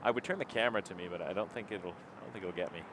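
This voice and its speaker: A man's voice: deep voice, racing. Chatty Toronto man outdoors in traffic. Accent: Toronto Canadian. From Toronto area, Canada. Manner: rambling, chatty, reads out viewer comments. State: cold, marching to keep warm. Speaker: live stream host. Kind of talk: casual live stream chat. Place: outdoors by an airport runway at night.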